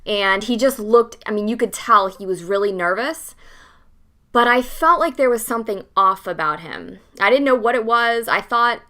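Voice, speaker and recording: A young woman hosting a podcast, telling a story in a casual, animated way, acting out the dialogue and swearing freely. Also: fairly high pitch, moderate pace. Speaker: podcast host.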